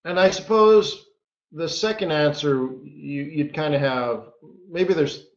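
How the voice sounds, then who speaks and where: A man's voice: on the high side, slow. Guy running a live trading lesson, chatty and jokey, kinda echoey and dull audio. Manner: casual, joking, keeps asking "right?". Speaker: trading coach. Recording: roomy, dull lo-fi stream audio.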